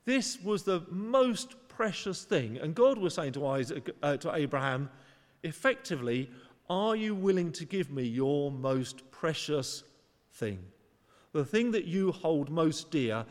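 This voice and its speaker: A man's voice: a little high, long reverb tail. A man preaching a sermon in an earnest, conversational way, sometimes acting out short voices for emphasis. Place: church.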